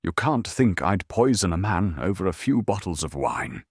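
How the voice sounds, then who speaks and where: A man's voice: sits low, very animated, normal speed, husky, dry recording, studio quality, heavily acted. A man doing a flustered English gent. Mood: indignant. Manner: flustered and indignant. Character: nervous florid English gentleman, middle-aged.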